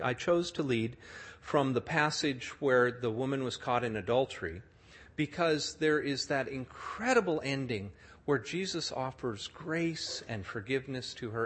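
Male preacher, middle-aged, storytelling sermon; expressive pitch, slightly breathy voice. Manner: animated storyteller, acts out the people he describes. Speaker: speaker telling a story to an audience.

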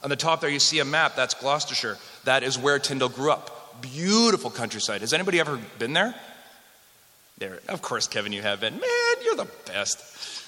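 A man's voice: medium pitch, animated, brisk, sharp tone. A man from Western Canada giving a conversational history lecture to a live audience, joking with the room as he goes. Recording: long hall reverb.

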